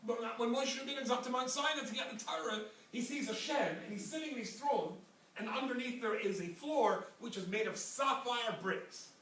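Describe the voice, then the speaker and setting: English rabbi in an echoey hall. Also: male voice, extremely high pitch, moderate pace, bright, forceful tone. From England. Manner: storytelling, joking asides. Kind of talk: Torah lecture with anecdotes. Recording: very echoey hall, from far off, faint noise.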